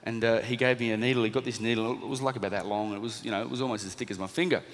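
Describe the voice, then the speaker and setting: A man in his thirties with an Australian accent, telling a lively anecdote to a live audience and acting out the lines of the people in it. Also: medium pitch, racing. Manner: lively storytelling, acting out quoted lines, laughing at himself. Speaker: motivational speaker, former boxer. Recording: reverberant hall.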